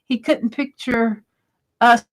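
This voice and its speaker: A woman's voice: fairly high pitch, fairly even intonation, slow. A woman hosting a casual live stream, chatting and reading viewers' comments aloud, laughing often.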